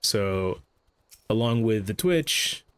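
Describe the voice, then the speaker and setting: A man's voice: fairly low pitch, expressive, slow, clear, resonant tone, dry recording. A man streaming a game, chatting casually, brushing off the game's dialogue and stumbling over his words as he goes. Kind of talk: casual gameplay commentary.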